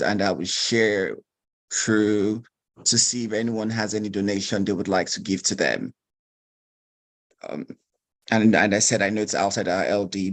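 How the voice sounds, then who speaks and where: Meeting member, man, low pitch, sincere, halting. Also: low-quality recording. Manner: earnest, hesitant. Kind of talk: virtual meeting. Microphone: video call.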